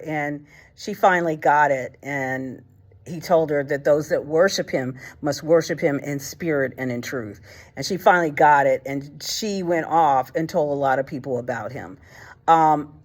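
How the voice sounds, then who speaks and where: Woman retelling stories with many fillers. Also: deep voice. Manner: colloquial, blunt. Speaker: host. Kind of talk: casual faith talk.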